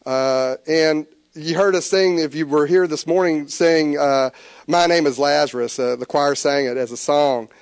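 A man preaching a sermon, animated, with stammered restarts. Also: a little high, unhurried, dry recording, studio quality. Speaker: pastor.

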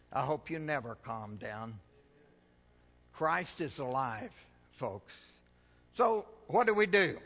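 Middle-aged preacher guy, high bright voice, slow and emphatic, folksy, echoing church hall. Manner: emphatic, dramatic swings in pitch and loudness; folksy storytelling. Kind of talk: sermon with joke.

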